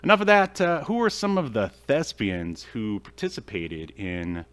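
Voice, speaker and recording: A man hosts a podcast, chatting in a jokey, meandering way full of ums and uhs. His voice sits in a middle pitch. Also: huge pitch swings, moderate pace, a bit bright. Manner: jokey, filler-heavy. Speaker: podcast host. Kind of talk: casual podcast chat.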